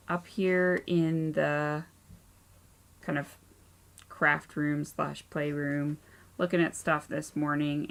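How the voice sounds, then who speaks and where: A woman in her thirties hosting a knitting podcast at home, chatting casually with lots of ums, tired and low-key. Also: gravelly, fairly bright tone, slight background noise. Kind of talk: casual chat. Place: home craft room and playroom.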